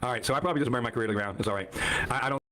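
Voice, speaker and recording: A man ranting angrily on a livestream, swinging from shouting to muttering. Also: mid-range voice, racing. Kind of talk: angry livestream rant.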